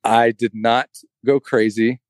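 A man's voice: mid-range voice, fairly even intonation, slow, no room sound. Man, casual podcast chat, dry close sound, rambling anecdote delivery with plenty of fillers. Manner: rambling storyteller, heavy on fillers like "like" and "you know".

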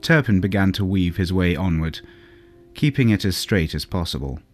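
A man narrating a fairy tale in a calm, measured storybook reading. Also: low voice. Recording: soft music underneath.

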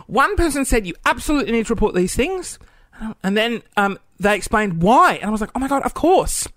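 A man telling a comic story at home, animated and self-mocking, acting out the voices of the people in it. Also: extremely high pitch, fast talker, no echo. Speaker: video creator telling a story. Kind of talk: casual comedic storytelling. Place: at home, cooking.

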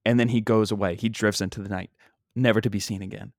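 This fast-talking young man has a fairly low, even-toned voice as he rambles through a comic story on his own podcast, stumbling over fillers and restarts. He's a stand-up comic using a single mic, and the studio recording is clean with no room sound.

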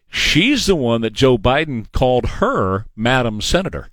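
A man's voice: medium pitch, sing-song, measured pace, fairly bright tone, no echo. A man hosting a talk show, giving a combative, sarcastic political monologue and mocking his opponents. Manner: combative, sarcastic, mocks opponents in put-on voices. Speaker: radio talk show host.

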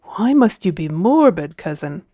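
A woman voicing an idle young gentleman who speaks in a languid, offhand way. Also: on the low side, sing-song, measured pace, no echo, studio quality.

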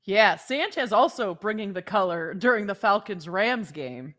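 A woman's voice: mid-range voice, animated, moderate pace, fairly bright tone. A woman sports reporter on a casual talk show, wry and joking.

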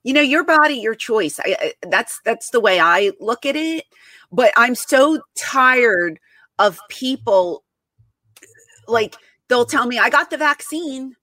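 This podcast host's voice is a little high, bright and pushed, and lively even though she speaks slowly; the recording is dry. Chatting casually, she is exasperated and emphatic, with many restarts and repeated words.

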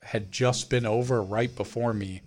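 Homme conteur animé et grossier. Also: male voice, mid-range voice, a little slow. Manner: animated storyteller, swears freely, mimics people he quotes. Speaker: podcast co-host. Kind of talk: casual storytelling chat.

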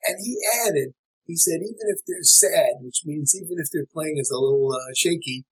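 A man who is a jazz musician and teacher, talking in a relaxed interview in a reflective way, with many fillers and restarts. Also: fairly high pitch, moderate pace, slightly rough, poor audio.

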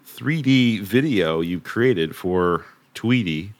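A man hosting a casual interview, eager and quick to agree, with many fillers. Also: on the low side, animated, no echo. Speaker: podcast host.

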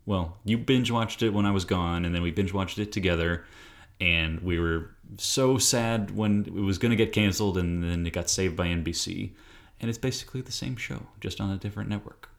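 A man with a very low voice chats casually as a podcast co-host. He talks in a laid-back, playful way, easygoing and unhurried. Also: creaky. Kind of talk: casual chat.

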